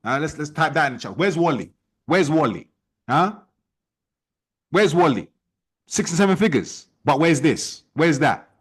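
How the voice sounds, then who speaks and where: A man leading an online sales team training, talking in a forceful, repetitive, challenging way. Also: on the high side, lively intonation, normal speed, pauses often, breathy edge. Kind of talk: motivational training talk.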